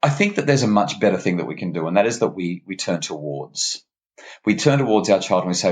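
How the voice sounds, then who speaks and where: Animated man, low voice. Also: a little fast. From Australia. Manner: animated, emphatic, restarts words often. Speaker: parenting expert guest. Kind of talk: conversational podcast interview.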